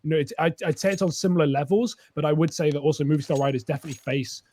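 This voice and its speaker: A man's voice: on the high side, racing, darkish tone. A man giving analytical color commentary on an esports match, talking through stats and strategy with frequent fillers.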